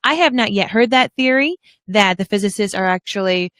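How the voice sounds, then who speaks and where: A young woman co-hosting a casual TV podcast, animated and jokey, hitting words for emphasis. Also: medium pitch, fairly quick, no room sound. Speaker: podcast co-host. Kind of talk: casual chat on a live-streamed podcast.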